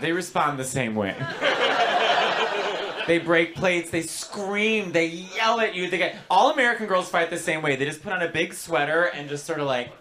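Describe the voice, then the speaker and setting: A man's voice: a little high, moderate pace, noisy background. A man doing stand-up crowd work, teasing audience members and slipping into Italian and French. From Sicilian-Italian family, New York. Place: comedy club stage.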